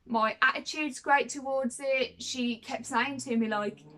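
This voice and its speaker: A young woman in her twenties chats to camera in a casual vlog. Her voice sits a little high, and she rambles, circles back over her words and keeps checking in with her viewers. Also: fairly even intonation, measured pace, a bit bright. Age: 20s. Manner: chatty and rambling, repeats herself, often says "you know what I mean". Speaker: vlogger.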